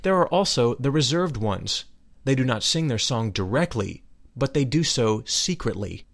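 A man giving a solemn, measured reading of a spiritual text, dwelling deliberately on each phrase. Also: mid-range voice, animated, vocal fry. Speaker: reader of spiritual teachings.

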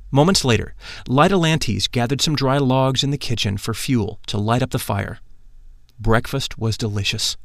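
A man reading a first-person story aloud in a steady, earnest, reflective way. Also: medium pitch, normal speed, gravelly, no room sound, clean studio sound. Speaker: narrator. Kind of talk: scripted first-person narration. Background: faint music.

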